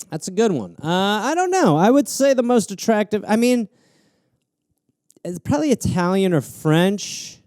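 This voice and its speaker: A man's voice: on the high side, smooth, dry recording, clean studio sound. A male comedian hosting a live show, riffing crudely on prompts and jumping into character voices. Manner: animated, crude, jumps into voices.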